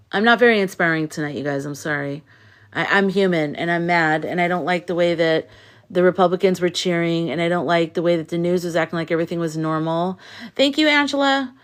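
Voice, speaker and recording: Tired upset woman on a livestream, venting, thanking chat. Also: fairly low pitch. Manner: venting, frustrated and weary, thanks viewers by name. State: exhausted. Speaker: live streamer.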